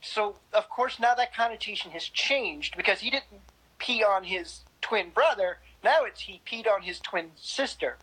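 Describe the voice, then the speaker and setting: A woman's voice: medium pitch, animated, a little slow, a bit bright, breathy edge, poor audio. A woman guest in a casual interview, speaking candidly and bluntly with frequent laughs.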